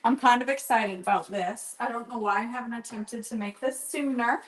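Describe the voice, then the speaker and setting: Woman, cooking livestream host, home kitchen, chatty, rambling, slightly high voice. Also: moderate pace. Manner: chatty, rambling, greets viewers by name. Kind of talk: live-streamed cooking chat.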